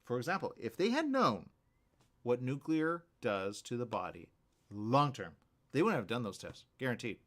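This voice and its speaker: Lively rambling male radio host. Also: mid-range voice, normal speed. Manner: rambling and animated, with many restarts and asides. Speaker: radio morning show host. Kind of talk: casual talk show monologue.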